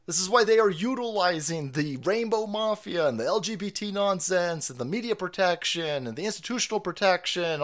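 A man streaming political commentary, loud and mocking, swinging from shouts to low mutters. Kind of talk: profane ranting livestream commentary.

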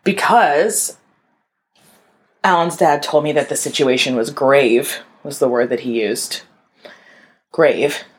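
A woman's voice: low voice, slow pace, long pauses. A young adult woman telling a personal story in a candid, conversational way, full of "like" and calling listeners y'all. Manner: candid, conversational, frequent "like" fillers.

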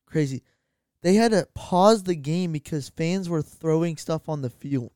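Young male podcast co-host, excitable rambler, slightly high, mellow, dry close mic. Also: unhurried, clean tone, no echo. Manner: rambling, excitable, self-correcting. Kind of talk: casual sports chat.

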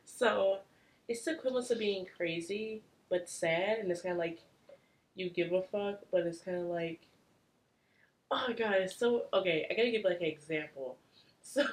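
A woman's voice: mid-range voice, rough recording. A young woman in casual podcast chat, candid and crude, telling stories with lots of "like". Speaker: podcast co-host.

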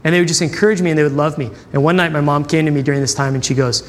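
Man, pastor, conversational sermon, voices quoted dialogue, a bit high-pitched. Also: steady tone, rapid-fire, long reverb tail. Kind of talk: sermon with personal storytelling.

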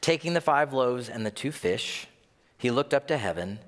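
A man preaching a sermon in a conversational, animated way, often acting out bits of dialogue. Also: mid-range voice, normal speed. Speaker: pastor. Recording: long reverb of a large hall.

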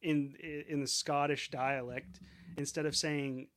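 A man's voice: medium pitch, flat delivery, unhurried, a bit bright. A man co-hosting a podcast in casual chat, rambling and swearing, often restarting his sentences. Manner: rambling, profane, restarts a lot. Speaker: podcast co-host.

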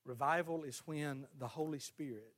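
A male pastor, preaching a sermon in a folksy, storytelling way that builds to loud, fervent exhortation. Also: fairly high pitch, moderate pace.

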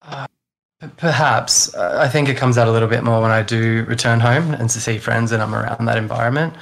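Gravelly man with a mild Australian accent. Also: medium pitch, brisk. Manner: dry, self-deprecating. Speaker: podcast guest. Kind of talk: casual chat.

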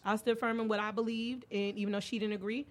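A woman's voice: mid-range voice, quick pace. A young woman hosting a podcast, telling candid stories in casual chat and acting out the quoted lines. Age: young adult. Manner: candid storytelling, animated when acting out quotes. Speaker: podcast host.

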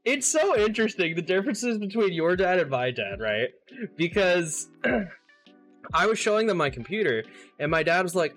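A man's voice: high-pitched, very animated, normal speed, fairly bright tone, soft background music. A young man chatting casually as a streamer and podcast host, laughing often, swearing and trailing off mid-sentence. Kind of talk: casual chat.

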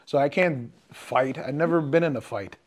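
A man's voice: mid-range voice, normal speed, a little hiss or hum. A man from Jordan co-hosting a casual podcast, talking in a hesitant, reflective way with many fillers. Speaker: podcast co-host. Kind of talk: casual chat.

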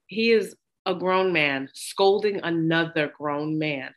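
A woman's voice: low-pitched, takes it slowly. Blunt, laughing woman recapping a movie. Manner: blunt, laughs often, acts out characters' lines. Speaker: podcast co-host. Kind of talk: casual chat recapping a movie.

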